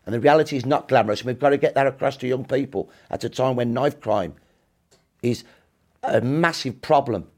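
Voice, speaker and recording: A man's voice: medium pitch, fairly quick, a little mellow. A man in his sixties, a historian guest telling history in emphatic, punchy short clauses during an interview.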